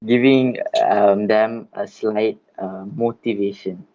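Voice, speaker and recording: A man on a podcast talks in a somewhat low voice, halting and filling pauses as he searches for words. The audio is a bit dull and muffled. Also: fairly even intonation, dry recording. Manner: hesitant, halting, many fillers. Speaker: podcast co-host. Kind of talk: casual chat.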